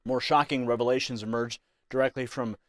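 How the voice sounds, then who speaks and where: A man's voice: medium pitch, fairly even intonation, brisk, dry recording, clean studio sound. A man narrating a scripted news commentary in an ominous, emphatic way.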